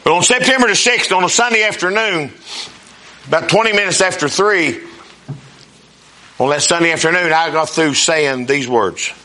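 A man's voice: a little high, normal speed, pauses often, sharp tone. A man, preaching a sermon in a folksy call-and-response manner. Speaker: pastor.

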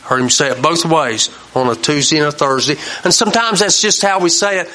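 A man's voice: on the high side, a little fast, sharp tone. A man hosting a Christian talk show, telling homespun stories in a folksy preaching manner and repeating his key lines for emphasis.

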